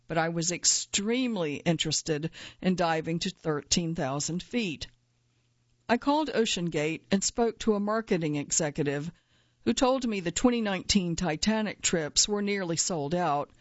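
Lowish woman reading her own essay, measured and earnest, dry dull recording. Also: dry recording. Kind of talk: first-person nonfiction narration.

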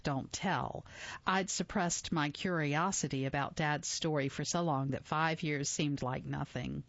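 Low-voiced woman reading a memoir. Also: no echo, highs cut off. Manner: measured, reflective storytelling. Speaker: memoir narrator. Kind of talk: audiobook memoir narration.

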